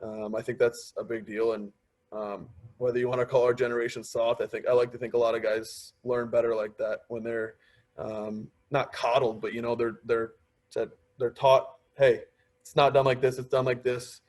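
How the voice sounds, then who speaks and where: A young man in his twenties speaks as a podcast guest in a relaxed, conversational way. He tells long personal stories and drops into quick impressions of the people in them. His pitch sits in a middle range. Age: 20s. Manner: storytelling, quoting others in lively asides. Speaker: podcast guest, pro hockey player. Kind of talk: casual interview chat.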